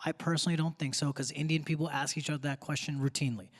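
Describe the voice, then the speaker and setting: A man's voice: fairly high pitch, fairly even intonation, racing, in a large hall. A young man doing a stand-up set on a theater stage, with a punchy, conversational delivery. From grew up in Texas. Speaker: stand-up comedian. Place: theater stage before a live audience. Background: audience laughter.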